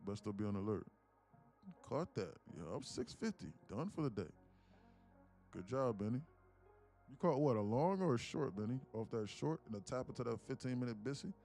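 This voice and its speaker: A man's voice: medium pitch, lively intonation, normal speed, mellow, faint music behind. A man live-streaming his day trading, bantering loosely with chat in slangy, joking talk and cursing freely.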